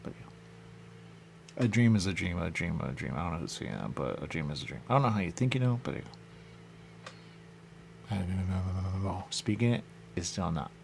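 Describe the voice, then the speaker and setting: Deep gravelly man rambling on radio. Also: lively intonation, moderate pace, long pauses, a little mellow, a little hiss or hum. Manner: loose, repetitive, musing, keeps saying "there you go". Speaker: radio show host. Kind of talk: rambling monologue.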